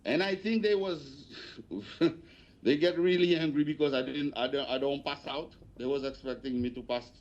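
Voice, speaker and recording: A man giving testimony as a witness at an inquiry, speaking haltingly and repeating himself. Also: fairly high pitch, darkish tone, lo-fi sound. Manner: halting, repetitive, hesitant. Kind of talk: spoken testimony.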